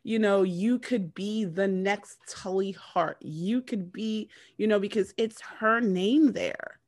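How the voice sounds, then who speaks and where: A woman's voice: mid-range voice, takes it slowly. A woman casually recapping a TV show, rambling with lots of fillers and restarts.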